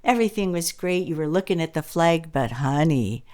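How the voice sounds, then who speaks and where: A woman's voice: deep voice, expressive, normal speed, darkish tone. A woman voicing a sweet, coaxing kindergarten teacher in a joke she tells. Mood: sugary. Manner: sugary, coaxing.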